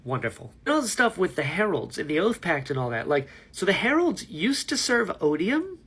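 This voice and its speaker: A man's voice: high voice, big pitch swings, fairly quick, a bit bright, breathy edge. A man talking casually to camera about a book he is reading, rambling and enthusiastic, laughing at himself. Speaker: book vlogger. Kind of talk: casual book reaction vlog.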